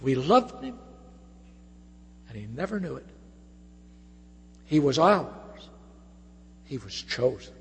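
A middle-aged man preaching a sermon as a pastor, swinging between loud emphasis and soft hushed moments. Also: mid-range voice, sing-song, slow pace, long pauses, slightly rough. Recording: reverberant church hall.

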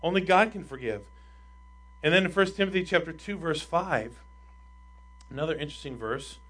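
A male pastor delivers a sermon in a bright, forceful voice that sits a little high. He drives points home with rhetorical questions, rising loud on key lines and dropping quiet on others. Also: animated, normal speed. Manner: emphatic, swings between loud and quiet; asks the congregation rhetorical questions.

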